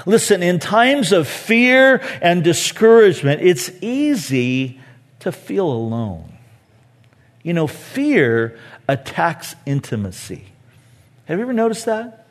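A man's voice: high voice, sing-song, slow pace. A man preaching a sermon as pastor, earnest and repeating key phrases for emphasis. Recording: long reverb of a large hall.

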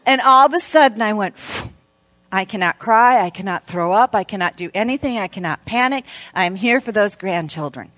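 Lively woman telling a story. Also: mid-range voice, brisk, hardly any pauses, no room sound. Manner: animated, laughing storyteller. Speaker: women's event speaker. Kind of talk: storytelling talk at a church event.

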